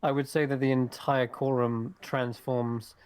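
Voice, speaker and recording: A man narrating as game master in an online tabletop game, pausing often with fillers as he describes scenes. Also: medium pitch, level tone, a little mellow, smooth. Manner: hesitant narration with many fillers.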